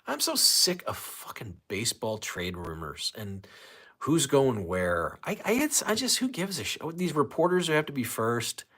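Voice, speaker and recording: This livestream host from St. Louis, USA, rants casually, swears a lot, and reads chat comments aloud. His mid-range voice is sing-song and bright with a forceful tone and a breathy edge, at a moderate pace.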